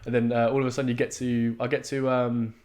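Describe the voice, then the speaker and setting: A young man, telling a race story in casual podcast chat, swearing freely and acting out his own shouts. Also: mid-range voice, little pitch movement, fast. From England. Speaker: podcast co-host. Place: podcast studio.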